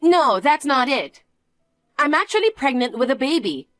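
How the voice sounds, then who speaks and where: A woman's voice: sits high, very animated, normal speed, a bit bright, pitched above the performer's own voice. A woman voicing a smug, taunting young niece. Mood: coy. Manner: taunting, sing-song, self-satisfied. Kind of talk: dramatized story reading.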